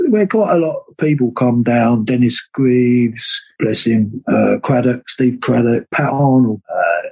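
An older man spins long anecdotes as an interview guest, jumping into the voices of the people he quotes. His voice is dark and mellow, with a husky edge to it. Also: medium pitch, poor audio. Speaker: guest musician. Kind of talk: casual storytelling interview.

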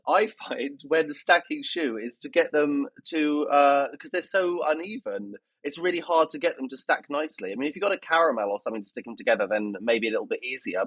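A man co-hosting a baking podcast, chatting in an animated way and asking questions. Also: on the high side, breathy edge, no room sound. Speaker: podcast co-host, baker. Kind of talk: casual chat.

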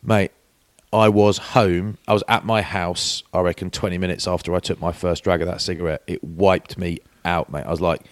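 With a low voice and flat delivery, this forties-aged podcast co-host chats at normal speed with few pauses. He tells anecdotes casually, acting out quoted voices, and there's no room sound.

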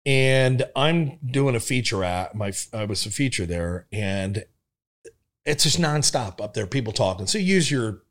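A man, a comedian and former cop, telling stories in a casual chat, animated and laughing through them. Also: mid-range voice, unhurried. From Omaha area of Nebraska. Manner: animated, laughing through his own stories, jumping into big voices for quotes.

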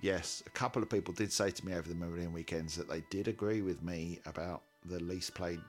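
A man's voice: low voice, fairly even intonation, a little fast, soft background music. A man co-hosting a podcast, chatting casually with wry, self-mocking humour. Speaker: podcast co-host. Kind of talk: casual chat.

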